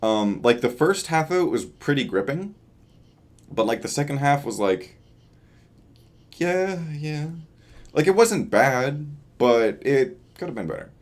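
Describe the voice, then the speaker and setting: Sleep-deprived and tired, a young man rambles through a casual video diary into a camera facing him, filling his talk with fillers. He speaks at a normal speed in a medium-pitched voice with big pitch swings.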